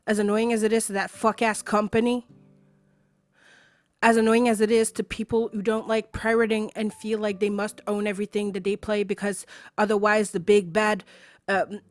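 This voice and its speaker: A woman's voice: medium pitch, little pitch movement, normal speed, no room sound, faint music behind. A woman streaming from home, ranting angrily to her chat with swearing and sarcasm, repeating her points for emphasis. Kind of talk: angry rant to a live stream chat.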